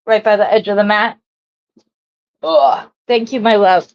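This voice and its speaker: A woman's voice: medium pitch, fairly even intonation, unhurried, dull audio. A woman hosting a jewelry-making live stream, chatting casually and rambling as she greets viewers and works.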